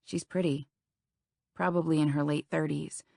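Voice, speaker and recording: Romance audiobook narrator, young woman, low and gravelly, intimate first-person read. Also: fairly even intonation, normal speed, darkish tone, no room sound, studio quality. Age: young adult.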